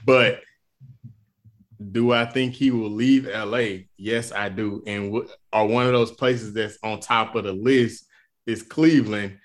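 A man's voice: fairly low pitch, steady tone, measured pace. Insistent man arguing about basketball. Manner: argumentative, insistent, colloquial. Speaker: podcast co-host. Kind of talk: casual sports debate.

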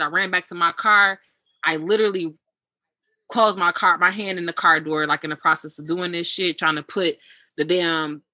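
An animated young woman tells a story among friends, jumping into the voices of everyone on the phone line. Her voice is bright and forward, and the sound is dry and close. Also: on the low side, no room sound. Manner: animated, acts out both sides of phone calls, swears freely. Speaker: podcast guest.

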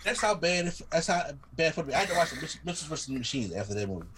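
A man chatting on a podcast, telling stories in an animated way and acting out his own reactions. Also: fairly high pitch, rapid-fire, very noisy. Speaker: podcast co-host. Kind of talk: casual chat.

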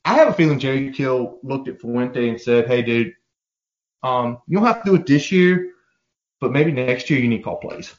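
A man co-hosting a casual sports podcast, talking in an animated, profane way and acting out quoted voices. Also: mid-range voice, moderate pace, highs cut off. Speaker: podcast co-host.

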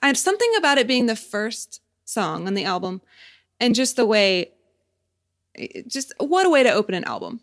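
A woman's voice: on the high side, sing-song, moderate pace. A woman in her thirties co-hosting a podcast in casual chat, giggly and chatty, trailing off with fillers. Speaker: podcast co-host.

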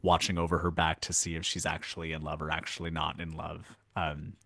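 Low-voiced man rambling casually. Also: completely flat delivery, fairly quick, gravelly, a bit bright, no echo. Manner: rambling, filler-heavy, laughs often. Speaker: podcast co-host. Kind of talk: casual chat.

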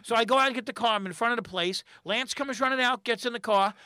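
High bright-voiced man telling a wild story. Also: quick pace, smooth, no echo. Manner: animated, acts out quotes and voices, rambling restarts. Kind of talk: storytelling in casual chat.

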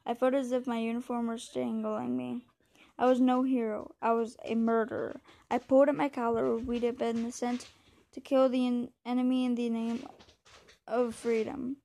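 A woman reading a novel aloud in a steady, measured way, now and then stumbling over a word. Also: on the high side, creaky. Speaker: reader.

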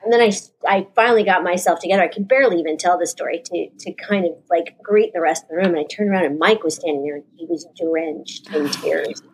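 A woman's voice: on the low side, fast talker, hardly any pauses, slight background noise. A woman in her fifties, a guest, telling an emotional story in a rambling way and correcting herself as she goes. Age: 50s. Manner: rambling, self-correcting recollection. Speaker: actress guest.

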